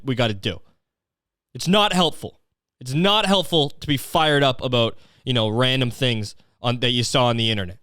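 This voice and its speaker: A man's voice: fairly high pitch, a bit bright, clean tone, no echo, clean studio sound. A young man hosting a comedy podcast, ranting sarcastically with plenty of swearing. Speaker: podcast host. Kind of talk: solo comedic rant.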